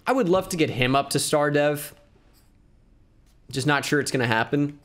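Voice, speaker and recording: A man giving excitable video game commentary, thinking aloud with bursts of hype. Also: a little high, moderate pace. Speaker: gaming YouTuber.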